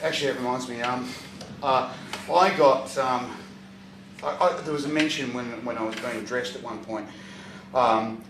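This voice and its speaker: A man telling a profane stand-up story, breaking into loud shouts at punchlines. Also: mid-range voice, moderate pace, pauses often, a little hiss or hum. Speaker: stand-up comedian. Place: comedy venue stage, audience laughter. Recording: echoey live venue from far off.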